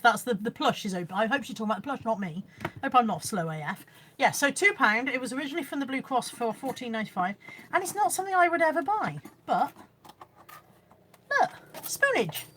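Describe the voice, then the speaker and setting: A middle-aged woman with a Bristolian accent and a slightly high voice, chatting away to her viewers on a phone livestream. She is chatty and self-mocking and keeps reading out comments from the chat. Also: a bit bright, a little hiss or hum. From Bristol, England. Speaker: livestream host selling boot sale finds. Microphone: phone camera.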